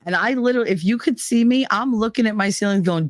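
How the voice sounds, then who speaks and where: Guest guy chatting, lively, does little voices for people he quotes, dry close mic. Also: high-pitched, quick pace, hardly any pauses, no room sound. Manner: animated, acts out quoted voices. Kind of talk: casual chat.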